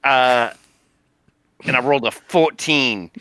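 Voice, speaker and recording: Man, tabletop player, joking, brash, sharp bright tone, dry sound. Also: medium pitch, lively intonation, normal speed, no room sound. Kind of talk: casual tabletop play.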